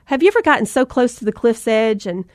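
Lively Southern mom telling a story. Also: female voice, fairly high pitch, fast, no room sound, clean studio sound. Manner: animated storyteller, acts out voices, talks to audience directly. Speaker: mom and motivational speaker. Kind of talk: storytelling talk with faith encouragement.

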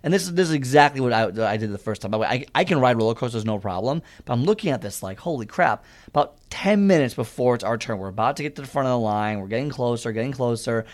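An earnest man gives a motivational talk about getting started with fitness. His voice sits in a middling pitch, and he talks in a conversational, storytelling way that speaks straight to the listener. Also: expressive, fast, few pauses.

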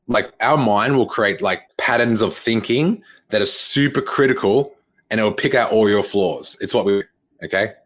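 A man's voice: mid-range voice, fairly bright tone. A young man, coaching fitness on a live podcast stream in a blunt, repetitive way with lots of fillers and swearing.

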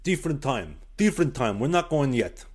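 A man's voice: mid-range voice, big pitch swings, brisk, a little mellow, husky, pitched above the performer's own voice. A man putting on the voice of a stern, unsmiling Slovakian hockey coach with a thick Eastern European accent and terse, broken English. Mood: dismissive. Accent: thick Eastern European, put on.

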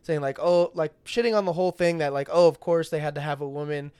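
A young man co-hosts a podcast in relaxed, profane chat, leaning on "like" and "dude" between every thought. His voice is smooth and resonant and sits a little high. The sound is close and dry with no room around it. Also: fast, no room sound. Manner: swears a lot, says "like" and "dude" often. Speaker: podcast co-host. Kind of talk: casual chat.

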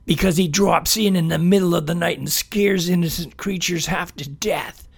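A man's voice: fairly high pitch, fairly even intonation, moderate pace, creaky, slightly rough, pitched above the performer's own voice. A man voicing a grumpy, territorial male tree frog in a storybook, grumbling and impatient. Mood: defensive.

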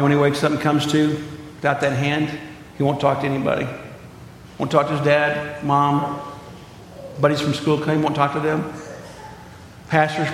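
A man preaching, his slightly raised voice carried in short storytelling phrases that drop low and quiet for tension. The sound rings through a big reverberant church hall. A faint hum of room ambience sits underneath. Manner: dramatic storyteller, drops quiet for tense moments, lifts to fervent high pitch. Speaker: pastor. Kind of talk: sermon with storytelling and closing prayer.

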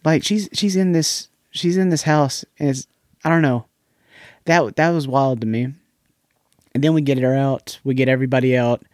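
A man's voice: medium pitch, steady tone, normal speed, darkish tone, no echo, clean studio sound. A man co-hosting a podcast, recapping a film in casual chat, repeating words as he goes. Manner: rambling, repeats words, recaps plot scenes. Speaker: podcast co-host.

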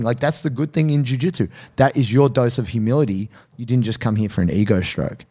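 Animated man telling a gym story. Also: brisk, few pauses, breathy edge. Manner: animated, acts out quotes in high voices. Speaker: podcast co-host. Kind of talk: casual storytelling chat.

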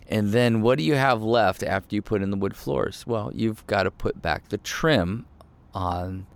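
A man's voice: fairly low pitch, unhurried, vocal fry. A male pastor giving a casual, conversational sermon, self-deprecating and full of fillers and restarts.

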